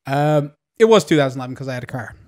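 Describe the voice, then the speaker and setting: A man's voice: mid-range voice, racing. A man in his twenties from Labrador with a Newfoundland and Labrador accent, co-hosting a podcast and telling a story with laughs and plenty of swearing. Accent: Newfoundland and Labrador English. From Labrador, Canada. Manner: animated, laughing, swearing yarn-teller. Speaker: podcast co-host. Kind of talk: casual storytelling chat.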